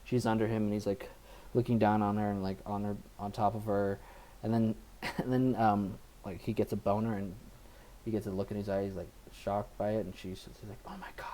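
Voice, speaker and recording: A man's voice: lowish voice, level tone, a little fast, mellow. A man co-hosting a podcast, casually retelling a movie plot with lots of fillers. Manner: rambling, filler-heavy retelling. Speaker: podcast co-host. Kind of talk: casual movie review chat.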